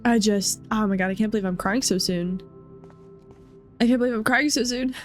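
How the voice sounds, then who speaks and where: A young woman gaming streamer does let's play commentary in a mid-range voice at normal speed, with faint music behind her. She rambles emotionally and uses lots of fillers.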